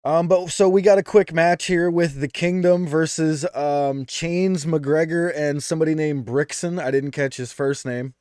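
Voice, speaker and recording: A man's voice: fairly high pitch, steady tone, a little slow, hardly any pauses, a little mellow, clear, resonant tone, no room sound. Dry-voiced chatty male podcast host. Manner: chatty, with many "um"s and restarts. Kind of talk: casual chat.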